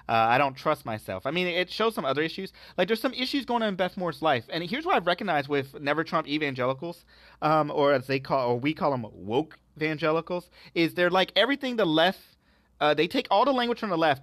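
A man's voice: on the high side, a bit bright, no room sound. A man hosting a podcast, giving religious and political commentary with emphatic rhetorical questions.

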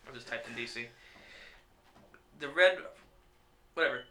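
A man's voice: medium pitch, a little slow, bright, forceful tone. A man hosting a podcast in casual chat, rambling and cursing, stumbling over names. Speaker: podcast host. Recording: echoey room.

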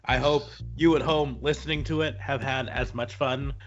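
A man's voice: mid-range voice, steady tone, moderate pace, highs cut off. A man from Nebraska co-hosting a podcast, joking through casual banter and tossing in folksy catchphrases. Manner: jokey, playfully slips into mock folksy catchphrases. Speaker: podcast co-host.

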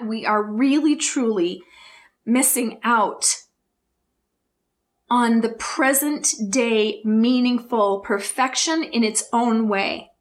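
A woman with a fairly high voice hosts her own podcast, speaking earnestly and with open emotion. She talks in slow, emphatic bursts and asks her listeners one rhetorical question after another. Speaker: podcast host. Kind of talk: heartfelt solo podcast talk.

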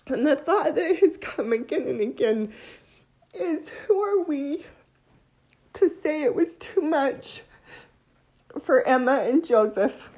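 A woman giving an emotional religious testimony, near tears, heartfelt and halting. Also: high voice, animated, a little mellow.

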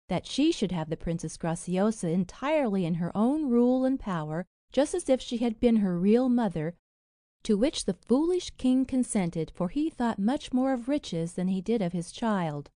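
A woman's voice: mid-range voice, dry recording, studio quality. A woman narrating a fairy tale in storybook style, reading the spoken lines with feeling. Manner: expressive, reads quoted lines with feeling.

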